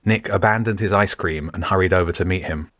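A man reading a story aloud in steady, measured scripted narration. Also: sits low, dry recording, clean studio sound. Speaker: audiobook narrator.

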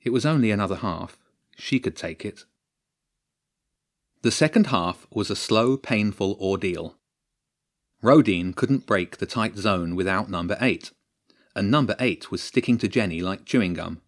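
Low-voiced male storybook narrator. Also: unhurried, long pauses.

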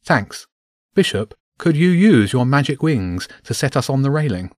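Determined boy hero, read by a male narrator, brisk and steady. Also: mid-range voice, no echo, studio quality, voice pushed up, close to an everyday voice.

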